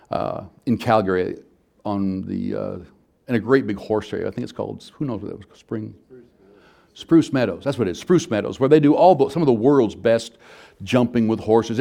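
A middle-aged male pastor preaching a sermon in a conversational, storytelling way, moving between soft and loud passages. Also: mid-range voice, vocal fry.

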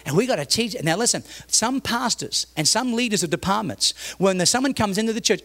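High-voiced man preaching a sermon. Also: animated, fairly quick, few pauses, a bit bright. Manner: emphatic preaching with repeated phrases and restarts; tells stories, acting out the people in them. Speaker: pastor.

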